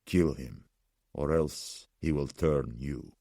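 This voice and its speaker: A somber old survivor speaks in a measured, ominous tone, voiced by a man. The voice sits extremely low with a gravelly rasp. It is dry and close to the mic. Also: mellow, no echo, full character voice.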